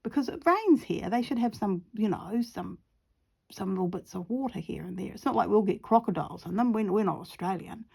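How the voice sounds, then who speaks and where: A woman's voice: medium pitch, expressive, a little fast, vocal fry, darkish tone, slightly rough. A middle-aged woman with a New Zealand accent talks her way through a watercolor painting. She rambles from one topic to the next with giggly asides. Some of it is muttered half under her breath. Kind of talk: casual chat while painting.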